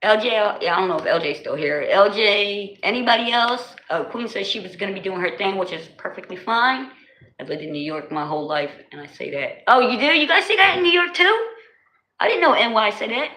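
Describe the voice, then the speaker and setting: Animated New Jersey woman livestreaming. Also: medium pitch, brisk. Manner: animated, laughs often, slangy. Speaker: livestream host. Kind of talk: casual livestream chat with viewers. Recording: echoey room with faint noise.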